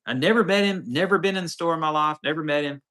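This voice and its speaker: A man's voice: a little high, fast talker, sharp tone. A man, hosting a casual off-road livestream and telling a rambling story with lots of quoted dialogue. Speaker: off-road channel host.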